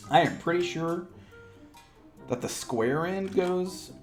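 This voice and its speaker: A man's voice: on the high side, slow pace, soft background music. A man chatting playfully in a casual toy review vlog, joking at himself while he assembles a figure. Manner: playful, goofy, self-mocking chatter; talks while handling a toy.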